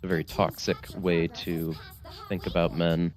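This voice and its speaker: A woman's voice: rumbling low, level tone, a little slow, a little mellow, soft background music. A woman teammate in voice chat, teasing with dry questions. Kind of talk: casual gaming chat.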